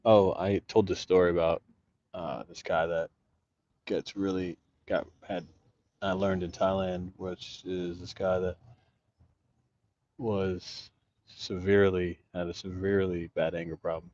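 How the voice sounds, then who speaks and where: Deep-voiced, profane male vlogger who tells rambling stories, recorded on dull, muffled audio. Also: little pitch movement, unhurried, a little mellow. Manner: rambling, profane, restarts sentences. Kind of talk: casual storytelling vlog. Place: outdoors in an urban jungle, sleeping rough.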